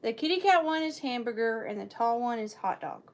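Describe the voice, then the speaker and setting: A woman's voice: on the high side, lively intonation, a little fast. A woman hosting a live vintage sale, chatting playfully with viewers by name and counting down bids. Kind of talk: live auction selling chat.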